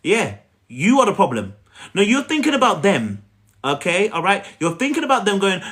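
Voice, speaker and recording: A man's voice: a little high, very animated, fast talker, fairly bright tone. A man giving an emphatic, repetitive coaching talk on a live stream, asking viewers to repeat after him and speaking to them directly. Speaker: relationship coach.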